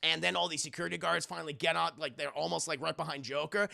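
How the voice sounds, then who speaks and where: A man retelling a cartoon episode to his live chat in a casual, animated and profane way. His voice sits high, with heavy fry and a bright, forceful edge. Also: quick pace, hardly any pauses. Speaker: streamer reviewing a cartoon.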